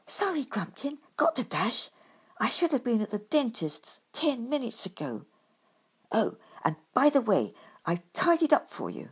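A woman voicing a hasty, tidy-minded male badger in a storybook reading, brisk and offhand. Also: fairly high pitch, sing-song, breathy edge, voice pushed up, heavily acted. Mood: hurried. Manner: brisk and offhand, puzzled by questions.

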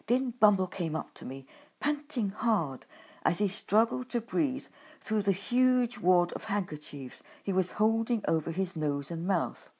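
Slow, lively woman narrating a storybook. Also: on the low side, husky. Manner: expressive, lively. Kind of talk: storybook narration, first person.

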